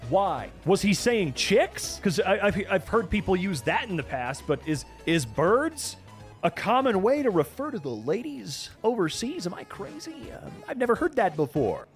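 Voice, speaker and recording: A man riffs through a reaction stream in a lively, swooping voice that sits a little high for a guy. His delivery is sarcastic and profane, full of mock outrage, with faint music behind him. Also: moderate pace. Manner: animated, profane, sarcastic rants. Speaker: VTuber streamer reacting to posts. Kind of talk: casual reaction commentary.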